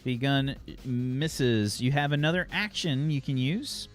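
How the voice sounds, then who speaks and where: A man running a tabletop game as game master, relaxed and laughing often, explaining rules with plenty of fillers. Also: medium pitch, unhurried, faint music behind.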